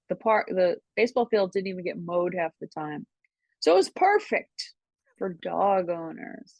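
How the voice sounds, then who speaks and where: An older woman, a podcast guest, telling casual stories in an animated way, laughing often and mimicking voices. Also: lowish voice, dry recording. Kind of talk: casual storytelling. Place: New York City.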